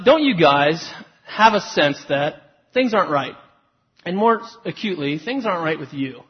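A man's voice: on the high side, slightly rough. A man preaching a sermon to his congregation, telling self-deprecating stories about his marriage in a conversational way. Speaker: pastor. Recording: lo-fi recording with long hall reverb.

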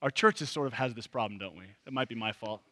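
A man's voice: mid-range voice, fast talker, pushed and bright, no room sound. A man leading a church training session, talking casually with many fillers and restarts. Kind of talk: casual teaching to a group.

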